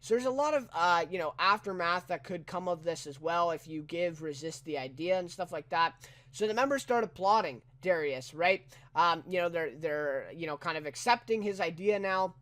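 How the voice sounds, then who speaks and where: Casual male reviewer with a raised, higher voice, talking through an episode in a loose, rambling way. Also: moderate pace, fairly bright tone. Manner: rambling, full of "you know" and "right?"; incredulous asides.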